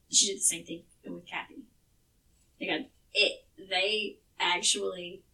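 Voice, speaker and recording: A woman's voice: lowish voice, pushed and bright, recorded from a distance, poor audio. A woman co-hosting a podcast, telling a true crime case in a casual, chatty way with some swearing. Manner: chatty, swearing, restarts words.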